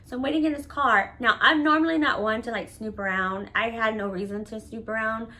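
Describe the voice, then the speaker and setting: A woman's voice: fairly high pitch, a little fast, sharp tone. A woman vlogger telling a personal story in a casual, candid monologue. She swears freely and fills her talk with "like.". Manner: candid and profane, with many "like" fillers.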